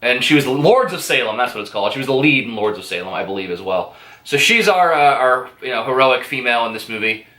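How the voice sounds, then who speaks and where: A man's voice: mid-range voice, sing-song, fast, pushed and bright, reverberant. A man giving a rambling, profane, hesitant movie review full of fillers. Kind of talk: casual spoken movie review.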